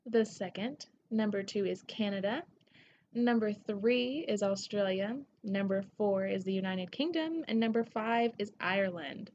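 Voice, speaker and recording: A woman from Tennessee with a Southern accent, hosting her podcast in an excitable, gushing, casual way that swears freely. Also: medium pitch, unhurried, lo-fi sound, slight background noise. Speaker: podcast host. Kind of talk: casual solo podcast shout-outs.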